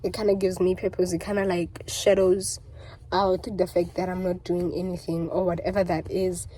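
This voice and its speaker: A woman's voice: on the low side, little pitch movement, moderate pace, dark tone, breathy edge, rough recording. Emotional South African woman vlogger. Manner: emotional, mixes languages mid-sentence, repeats herself. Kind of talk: candid confessional vlog.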